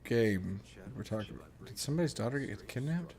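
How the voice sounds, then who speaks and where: With a gravelly, slightly mellow voice of medium pitch, this gaming streamer talks briskly and expressively. He's easygoing and rambling, leaning on lots of fillers as he chats with his audience.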